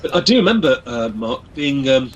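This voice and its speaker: An Englishman with a medium-pitched, sing-song voice chats jovially on a radio show at a normal pace, calling his listeners "folks" and tripping over his restarts. The recording is muffled, with a little hiss or hum.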